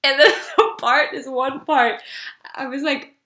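A woman chats on a podcast with a bright, forceful voice that rings slightly in an echoey room. She talks animatedly, swears freely, and acts out what characters said. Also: high-pitched, fairly even intonation, a little slow. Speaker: podcast co-host. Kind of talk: casual chat.

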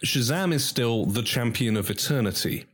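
A man's voice: medium pitch, normal speed, slightly rough. A man co-hosting a film podcast, retelling scenes in casual chat and acting out the characters' lines with bursts of laughter. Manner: animated storyteller, acts out scenes with bursts of laughter. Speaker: podcast co-host.

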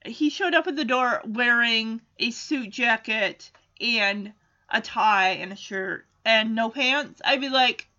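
A woman with a high, bright voice reviews a cartoon episode in a casual recap. Sarcastic and animated, she keeps slipping into quick character voices, and the recording sounds a bit dull and lo-fi.

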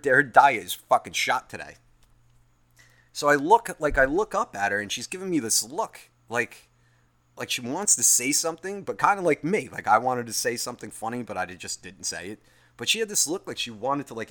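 Exasperated male storyteller, profane and animated, bright edgy tone with wide pitch swings. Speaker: podcast host telling a work story. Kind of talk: casual storytelling rant.

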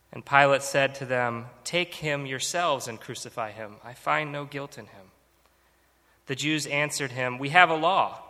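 A man giving a measured, steady reading of scripture. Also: medium pitch. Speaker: scripture reader. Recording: long hall reverb.

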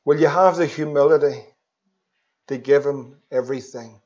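A man preaching an evangelistic sermon, swinging between loud pleas and hushed tones. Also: on the high side, fairly even intonation, fairly quick. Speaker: pastor. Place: church. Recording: dull lo-fi sermon recording.

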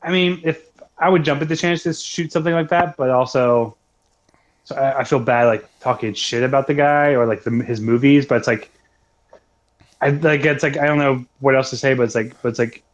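A man's voice: mid-range voice, steady tone, brisk. A young man co-hosting a podcast, talking casually in a rambling way with many restarts. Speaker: podcast co-host. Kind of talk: casual chat.

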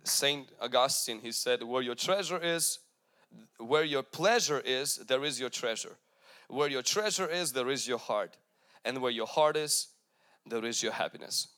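A man's voice: mid-range voice, measured pace, sharp tone. A man preaching a sermon, emphatic, with repeated calls to the congregation. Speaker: pastor.

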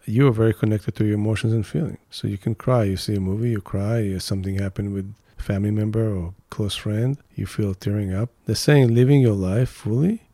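Older man, gravelly, mellow, musing podcast talk, lowish voice. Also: fairly even intonation, a little fast, few pauses, dry recording. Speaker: co-host, father of the host. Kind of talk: reflective podcast conversation.

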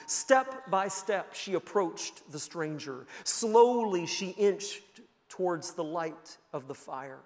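Earnest high-voiced preacher in a reverberant church. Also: male voice. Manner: earnest, builds to emphatic peaks. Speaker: pastor. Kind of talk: sermon with storytelling. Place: church sanctuary. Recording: long church-hall reverb.

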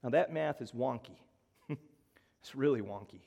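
A man preaching a sermon, swinging from loud emphatic lines to soft, slow appeals. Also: mid-range voice, vocal fry, long reverb tail. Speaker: pastor.

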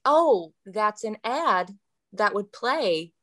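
A woman in casual podcast conversation with a very lively, swooping voice at a middle pitch. She tells classroom stories animatedly. She often slips into other people's voices as she tells them. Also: normal speed. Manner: animated storyteller, acting out voices. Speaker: guest, elementary school teacher.

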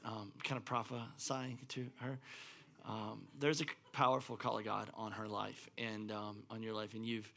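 Male pastor, sharp gravelly tone, casual pulpit talk. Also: on the low side. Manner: loose, conversational, many fillers.

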